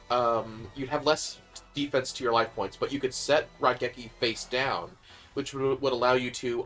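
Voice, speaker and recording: A man's voice: medium pitch, fairly bright tone. A man from the Midwest explaining game mechanics and coaching his co-host in casual chat. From American Midwest.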